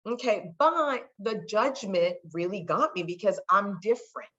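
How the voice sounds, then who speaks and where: A woman's voice: medium pitch, lively intonation, a little slow, sharp tone. A woman in her thirties from California, guest on a podcast, telling stories in a chatty way and acting out other people's voices. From California, United States. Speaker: podcast guest, sports marketer. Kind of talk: casual storytelling interview. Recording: slightly dull lo-fi audio.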